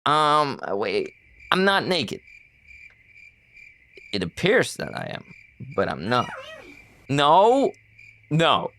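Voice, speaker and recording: A woman's voice: low-pitched, wildly swooping pitch, slow, pauses often, a bit bright, a little hiss or hum. A woman streamer chatting casually on a live stream, playful and giggly, protesting in flustered bursts.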